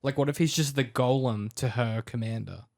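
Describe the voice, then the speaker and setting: A man co-hosting a casual podcast, enthusiastic and talking in quick bursts. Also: medium pitch, creaky, darkish tone. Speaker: podcast co-host. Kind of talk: casual chat.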